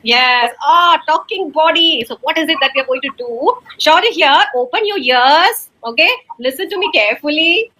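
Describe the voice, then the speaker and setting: A woman's voice: high-pitched, lively intonation, moderate pace, hardly any pauses, pushed and bright. A woman teaching a child in an online class, encouraging him and laughing often. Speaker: teacher in a recorded demo class. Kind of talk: animated kids' online class.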